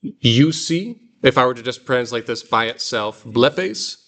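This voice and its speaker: A man's voice: medium pitch, expressive, a little slow, a bit bright. Patient male Greek teacher. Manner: patient, explains with examples, reads Greek aloud. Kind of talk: classroom lesson. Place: classroom.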